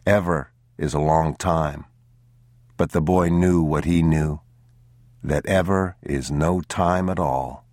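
Male audiobook narrator, very deep and unhurried, somber, dry close-mic sound. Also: steady tone, a little mellow, no room sound. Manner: measured and somber. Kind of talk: scripted literary narration.

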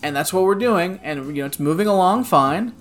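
Profane animated storyteller, mid-pitched voice. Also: brisk, faint music behind. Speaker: podcast co-host. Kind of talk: casual chat, storytelling.

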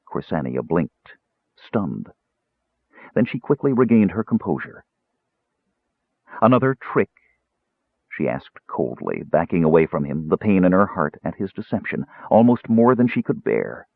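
A man narrating a fantasy novel as an audiobook with an expressive, dramatic reading. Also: deep voice, moderate pace, gravelly, breathy edge, no echo. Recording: tinny phone-like audio.

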